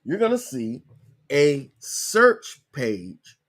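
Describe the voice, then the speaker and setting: A man hosting a podcast, casually walking viewers through a screen-share tutorial, repeating himself and spelling things out slowly. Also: medium pitch, huge pitch swings, fairly bright tone. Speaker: podcast host.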